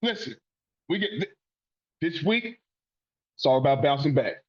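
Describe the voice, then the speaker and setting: A man's voice: a little high, very animated, moderate pace, husky, highs cut off. A man hosting a sports podcast, ranting in a profane, fired-up way. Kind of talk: heated sports rant.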